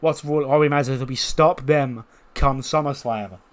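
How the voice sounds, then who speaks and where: A man's voice: medium pitch, fairly even intonation, normal speed, natural voice. A man voicing a stern male wrestler who scolds and rallies his teammates in a commanding way.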